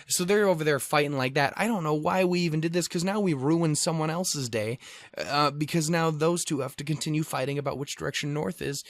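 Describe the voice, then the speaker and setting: A man's voice: a little high, brisk, dry recording. A man hosting a podcast alone, telling a rambling, profane, self-deprecating travel story in casual chat. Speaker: podcast host. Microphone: podcast microphone.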